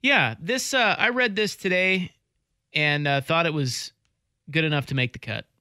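Guy on a sports podcast, bright voice a bit high, dry close sound, rambles and chuckles. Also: normal speed, clear, resonant tone, dry recording. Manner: rambling storyteller, laughs easily. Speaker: podcast co-host. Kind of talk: casual sports chat.

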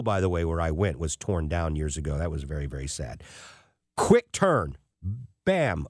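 A man's voice: lowish voice, a little mellow, no room sound, clean studio sound. A man in his sixties telling self-deprecating anecdotes in a casual monologue as a financial commentator. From United States.

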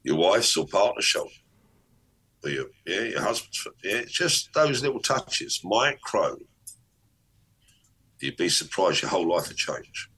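A man's voice: low voice, measured pace, pauses often, breathy edge, rough recording. A middle-aged man, a business coach talking at length in a podcast interview and acting out tones of voice as he explains. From Ireland. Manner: animated, explanatory, long-winded, acts out tones of voice. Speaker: guest, business performance coach.

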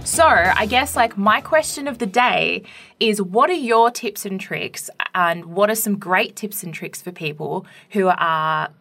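A woman's voice: medium pitch, unhurried, gravelly, bright, forceful tone, faint music behind. A young adult woman co-hosting a podcast, telling a teaching story in a casual, chatty way full of "like" and "right?".

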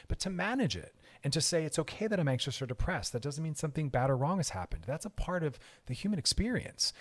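A man's voice: on the high side, no room sound. A man hosting a podcast, answering listener messages in an earnest, emphatic, explanatory way and repeating his key points. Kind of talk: casual explanatory talk.

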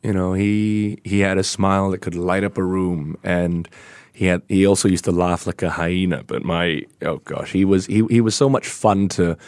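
Male interview guest, low register, dry mic; fond storyteller, restarts often. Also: fairly even intonation, moderate pace, no echo. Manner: warm storytelling with laughs and many restarts. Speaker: guest, golf commentator. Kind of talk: remembering a late friend in a radio interview.

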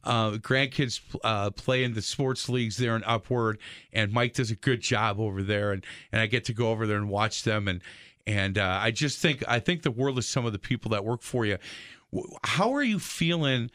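A man's voice: fairly low pitch, moderate pace, fairly bright tone, no echo, studio quality. An older man hosting a faith talk show, chatting casually with a guest, restarting his words often and telling stories. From Southeast Wisconsin. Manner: stammering restarts, storytelling. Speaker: radio show host. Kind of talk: casual interview chat.

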